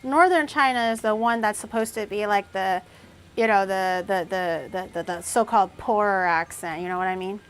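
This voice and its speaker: A woman's voice: medium pitch, normal speed, fairly bright tone, clean tone. A young woman chatting casually on a cooking livestream, thinking aloud and snapping back at her chat. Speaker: cooking streamer.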